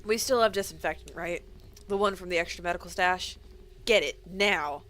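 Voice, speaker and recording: A woman voicing a stern, tense male co-pilot who talks in a clipped, forceful way. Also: on the low side, normal speed, close to an everyday voice. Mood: angry.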